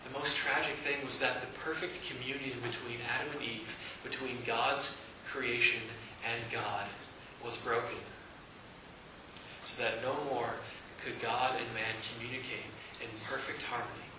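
A man narrating a Bible story in an earnest, dramatic way, pausing and restarting. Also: mid-range voice, level tone. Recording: echoey, distant, dull with hiss.

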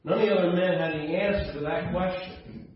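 A man preaching a sermon as a pastor, earnest, with soft low asides and raised emphatic passages. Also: fairly even intonation, a little fast. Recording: roomy, distant mic, slightly dull.

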